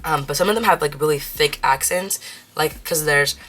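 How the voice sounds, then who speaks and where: Low-voiced chatty woman counting cash. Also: moderate pace, fairly bright tone. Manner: chatty, counts bills aloud, slips into Spanish phrases. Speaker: budgeting vlogger. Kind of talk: casual chat while counting cash.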